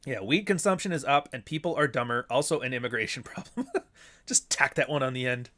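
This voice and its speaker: A man's voice: medium pitch, a little fast, sharp tone. A man hosting a casual livestream, talking bluntly and sardonically with plenty of swearing, asking and answering his own rhetorical questions while reading chat messages.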